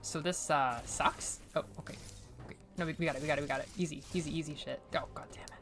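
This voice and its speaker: A woman's voice: low voice, steady tone, very fast, faint music behind. A young woman from New England, casually chatting and rambling with lots of fillers and laughter while streaming a game. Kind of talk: casual gameplay commentary.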